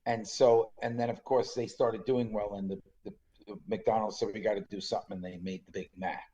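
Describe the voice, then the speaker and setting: A man in his sixties co-hosting a podcast, telling stories in a lively, chatty way and laughing often. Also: on the low side, moderate pace, lo-fi sound. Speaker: podcast co-host. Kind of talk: casual chat.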